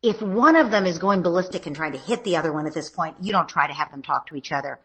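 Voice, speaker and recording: A woman, a parenting expert, calmly explaining what parents can say to children who are fighting. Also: fairly low pitch, fast talker, breathy edge. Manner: calm, explanatory, acts out gentle parent lines. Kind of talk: advice conversation.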